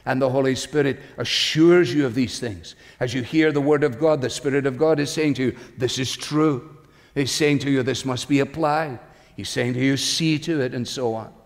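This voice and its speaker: A male pastor delivering a sermon in a measured, reflective way. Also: medium pitch, creaky. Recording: reverberant hall recording.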